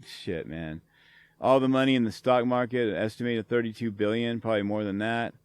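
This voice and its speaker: Middle-aged guy ranting and cursing on his show, sarcastic, smooth clear voice. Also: on the low side, a little fast, darkish tone, dry recording. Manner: angry, profane, sarcastic ranting. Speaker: podcast host. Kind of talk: ranting solo commentary.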